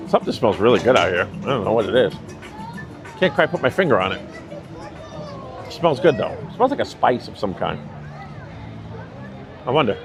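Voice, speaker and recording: A man with a New York accent chats on a live stream as he scooters through a busy theme park, phone in hand, laughing and wandering off topic. His voice is lowish with big pitch swings, normal speed, and long pauses, set against noisy crowds and blaring music.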